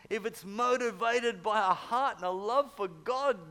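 Animated preacher, higher-pitched man. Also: measured pace. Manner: animated storytelling, swinging from loud urging to hushed. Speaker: pastor. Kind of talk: sermon.

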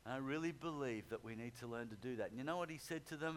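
Male pastor, mid-pitched, relaxed talky sermon delivery with repetition. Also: fast talker, hardly any pauses, a little hiss or hum. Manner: conversational, repeats phrases for emphasis, chuckles. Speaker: preacher.

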